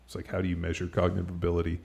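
Middle-aged guy, very low voice w some fry, just rambling on w lots of likes. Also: monotone, very fast, darkish tone. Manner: rambling, filler-heavy, lots of "like"; laughs easily. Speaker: podcast host. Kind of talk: casual chat.

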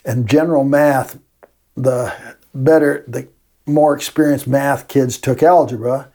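A man's voice: mid-range voice, steady tone, unhurried, dark tone. Older guy, retired teacher, folksy storytelling, keeps laughing. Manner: folksy, laughing as he tells old stories. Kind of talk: storytelling in a casual interview.

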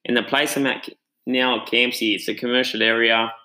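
An Australian man speaks in a relaxed, chatty storytelling manner, earnest and reflective. His voice sits at a middle pitch and has a bright, forward tone. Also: a little fast, rough recording. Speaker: gym owner and trainer. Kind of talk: casual personal storytelling.

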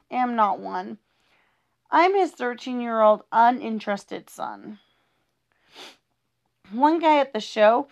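A woman reads funny rhyming poems for kids with a bouncy, sing-song lilt. Her voice sits a little high, and she stumbles now and then as she reads. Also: gravelly, dull audio. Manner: playful, sing-song rhythm with small stumbles. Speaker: reader of children's poems. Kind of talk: reading humorous rhyming poems aloud.

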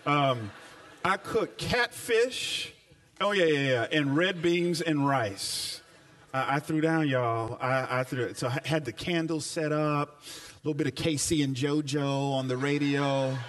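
A male pastor preaching a sermon, animated and full of repeated phrases, telling folksy, humorous stories to his congregation. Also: fairly high pitch, measured pace. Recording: voice picked up from a distance.

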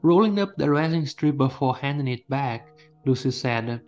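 A man reading a first-person adventure story in a steady storytelling manner. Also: medium pitch, moderate pace, faint music behind. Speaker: narrator. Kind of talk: scripted story narration.

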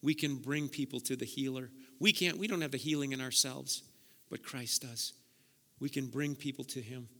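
A man's voice: mid-range voice, fairly even intonation, normal speed, fairly bright tone. A man preaching a sermon with passion, often repeating words as he builds up. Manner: impassioned preaching, repeats words when worked up. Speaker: pastor. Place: church sanctuary. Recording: long reverb of a large hall.

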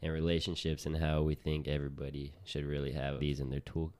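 Very deep-voiced casual podcast host. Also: male voice, brisk, smooth. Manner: relaxed, addresses listeners as "you guys".

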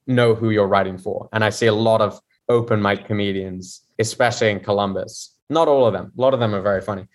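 A guest comedian from London, England, chats candidly on a podcast, mocking himself and laughing often in casual conversation. His voice is fairly low with fairly even intonation, and he talks fast.

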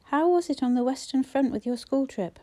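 A woman reading a brisk, sharp-tongued young woman who trades teasing banter, in an audiobook. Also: high voice, pitched above the performer's own voice, close to an everyday voice. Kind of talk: audiobook character voice.

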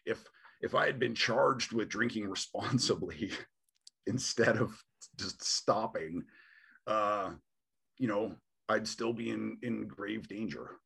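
A podcast host in his thirties leads a casual conversation, animated and quick to mimic other people when quoting them. His voice is lowish and gravelly with a breathy edge.

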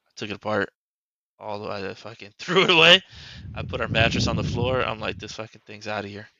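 A man with a lowish, expressive voice talks fairly quickly as he hosts a podcast and recounts a personal story as a father. The casual, rambling telling is heavy on "like." The recording has its highs cut off and a noisy background.

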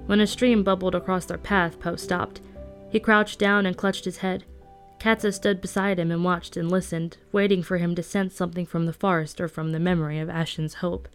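A woman reading a novel aloud in a calm, even storytelling manner. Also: on the low side, moderate pace, soft background music. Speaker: audiobook reader.

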